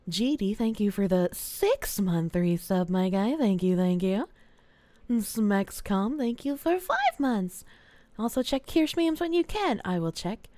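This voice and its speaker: A woman streaming live, thanking viewers in casual, sleepy, low-key chat and swearing freely. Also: animated, measured pace, dark tone, no room sound. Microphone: desk mic with gain turned up.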